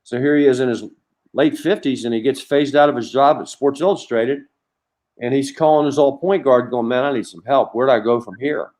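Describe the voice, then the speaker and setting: A man's voice: medium pitch, brisk. A middle-aged man, a former college basketball coach, telling long anecdotes as a podcast guest with lots of restarts. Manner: rambling, animated anecdotes with many restarts. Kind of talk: storytelling in a conversation.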